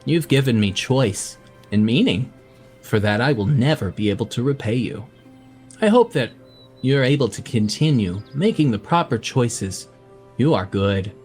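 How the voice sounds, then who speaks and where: A man voicing a gentle, earnest robot creature who talks in a formal, measured way, with soft music behind. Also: mid-range voice, animated, close to an everyday voice. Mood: tender.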